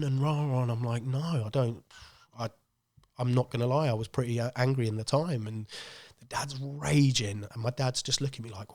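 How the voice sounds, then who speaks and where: A man, co-hosting a podcast and telling a story in a casual, animated way. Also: mid-range voice, normal speed. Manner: animated storyteller acting out quoted voices. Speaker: podcast co-host.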